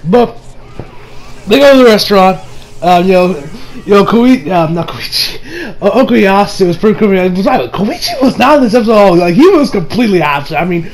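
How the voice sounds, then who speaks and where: High-voiced man rambling through a review. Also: big pitch swings, normal speed, darkish tone, rough recording. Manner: rambling, laughs often, many restarts. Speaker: anime reviewer. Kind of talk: casual episode review.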